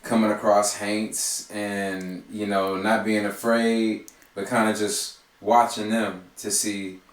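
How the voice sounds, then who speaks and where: A man's voice: fairly low pitch, little pitch movement, slow. Guy interviewing someone, curious and a bit hesitant, sounds far from the mic, roomy echo. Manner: curious, hesitant, many fillers. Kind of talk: conversational interview. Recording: echoey room, off-mic.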